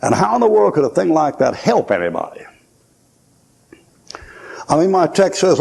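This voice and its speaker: Gravelly folksy preacher. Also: male voice, a little high, big pitch swings, normal speed, pauses often, darkish tone. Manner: folksy storytelling preaching, acts out quoted voices. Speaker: pastor. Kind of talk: sermon.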